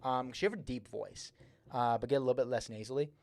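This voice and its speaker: Here a young livestream host gives rambling, casual notes on a submitted song, leaning on fillers and repeating words. He's a fast talker with a mid-range, slightly mellow voice and some vocal fry, recorded clean in a studio with no room sound. He says he slurs his S's a bit, and they're slightly slurred.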